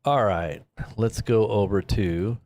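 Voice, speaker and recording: A man's voice: on the low side, takes it slowly, darkish tone. Rambling, joking man on a livestream. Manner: rambling, self-interrupting, joking. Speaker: host. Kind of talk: casual livestream commentary.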